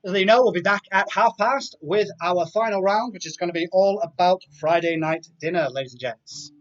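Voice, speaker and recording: High-voiced man hosting a live quiz. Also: normal speed. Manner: reads multiple-choice options with chatty asides. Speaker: quiz host. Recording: dull lo-fi sound with faint music.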